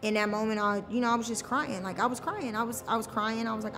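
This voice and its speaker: A woman's voice: a little high, quick pace, big-room sound, music in the background. A woman as an interview guest, telling a personal story in a colloquial, emotional way with many fillers.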